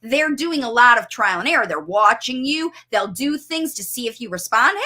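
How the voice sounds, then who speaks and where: Woman, speech therapist, live parent coaching, enthusiastic, fairly high voice, very animated pitch. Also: moderate pace, hardly any pauses. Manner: expressive, enthusiastic, explains with everyday examples. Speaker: speech-language pathologist coach.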